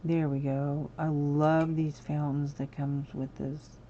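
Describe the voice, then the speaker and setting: Her voice sits low, with a dark, level tone, and she takes her time, heard over lo-fi sound with slight background noise. The woman chats casually and apologetically with her stream viewers while building in a game, now and then exclaiming suddenly.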